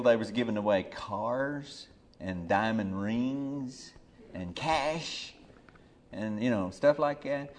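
Male preacher, folksy sermon, drops to quiet asides then builds to loud emphatic peaks, mid-pitched.

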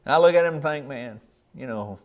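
A man's voice: mid-range voice, lively intonation, brisk, dull audio. Older man preaching a folksy sermon. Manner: folksy, plainspoken, earnest with rising emphasis.

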